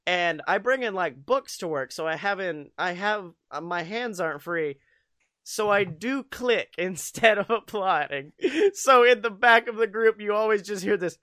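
High, bright-voiced joking young man. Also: moderate pace, no echo, clean studio sound. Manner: laughs often, joking, animated storytelling. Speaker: podcast co-host. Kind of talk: casual chat.

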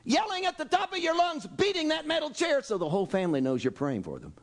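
Man, pastor, sermon, lively swooping pitch, exclaiming. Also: fast talker. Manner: animated, exclaiming, swings between loud and soft.

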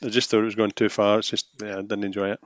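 A man co-hosting a film podcast, easygoing and quick to laugh. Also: on the low side, little pitch movement, dry recording. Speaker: podcast co-host. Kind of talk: casual film podcast chat.

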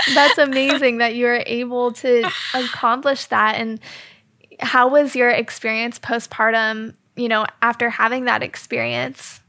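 A woman's voice: a little high, little pitch movement, a little slow, vocal fry, bright, forceful tone. A woman hosting a casual chat, supportive, with frequent affirming murmurs. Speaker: podcast host.

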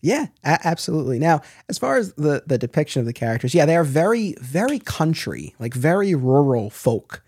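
A man hosting a podcast in a casual discussion. He talks in an animated way and often restarts and corrects himself mid-sentence. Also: on the high side, fairly quick, few pauses, slightly rough, dry recording, studio quality. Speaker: podcast host.

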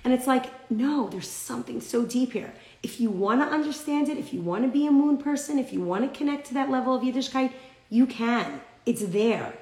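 A woman's voice: high voice, lively intonation, brisk, darkish tone, echoey room, poor audio. A woman teaching a live-streamed class, telling a story with animation and acting out the characters' lines. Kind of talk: live-streamed class, reading viewer comments.

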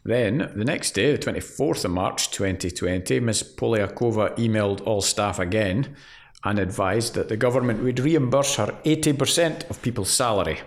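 A man's voice: fairly low pitch, normal speed. A man co-hosting a casual chat about an employment law case, reading out case details in a dry, wry way. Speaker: podcast co-host.

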